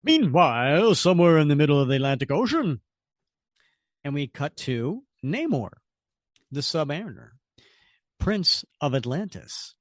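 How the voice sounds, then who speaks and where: An enthusiastic man co-hosts a comic book chat with a lively, expressive pitch. He sounds a bit high for a man. The sound is close and dry. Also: unhurried, long pauses, no echo. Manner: enthusiastic, animated. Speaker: podcast co-host.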